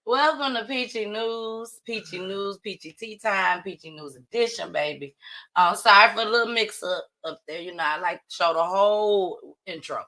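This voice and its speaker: A woman hosting a casual livestream talk show, playful and slangy, often laughing and talking loudly. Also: mid-range voice, normal speed, poor audio. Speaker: host.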